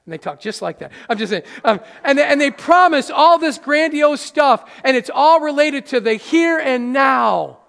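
A pastor with a notably high voice preaches earnestly, talking straight to the people in the room and joking with them now and then. His words ring out with the long reverb of a church hall. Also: expressive, normal speed, creaky, hardly any pauses, a bit bright. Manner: earnest, conversational preaching with playful asides to the congregation. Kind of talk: sermon. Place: church sanctuary.

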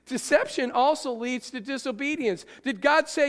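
A man preaching a sermon as a pastor, animated, throwing rhetorical questions at his congregation. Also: very high-pitched, measured pace, big-room sound.

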